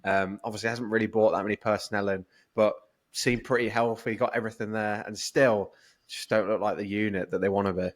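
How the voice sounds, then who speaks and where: A man's voice: fairly low pitch, steady tone, a little fast. A British man co-hosting a sports podcast, teasing and joking in casual chat. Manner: joking, teasing, repeats catchphrases. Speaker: podcast co-host.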